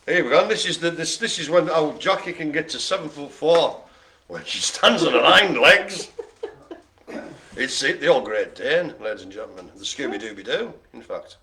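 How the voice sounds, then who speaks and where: A man's voice: a little high, animated, moderate pace, sharp tone. A man calling bingo with jokes, banter and playful asides to the players. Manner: jokey, chatty, playful asides. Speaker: bingo caller.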